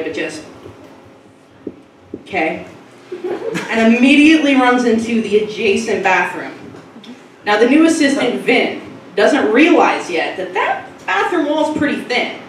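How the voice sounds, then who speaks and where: A woman's voice: mid-range voice, distant mic, slight background noise. A young woman performing a stand-up comedy set, chatty and self-mocking, rambling through asides. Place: comedy club stage. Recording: echoey club, mic from afar.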